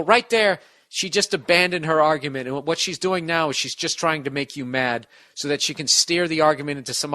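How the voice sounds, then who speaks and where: A man's voice: fairly high pitch, pushed and bright. A man hosting a podcast, giving blunt, profane advice in a rambling, casual rant.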